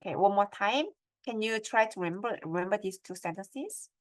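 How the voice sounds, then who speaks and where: A woman's voice: mid-range voice, fairly quick. A middle-aged woman gives a step-by-step lecture on academic writing and keeps checking in with her audience through questions.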